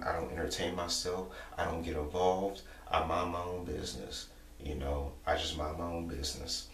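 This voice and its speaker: A young man talking casually to camera, repeating himself and filling pauses with "you know". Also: extremely low pitch, a bit bright. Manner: repetitive, rambling, many "you know" fillers. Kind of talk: casual monologue vlog. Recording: echoey room, distant mic, faint hum.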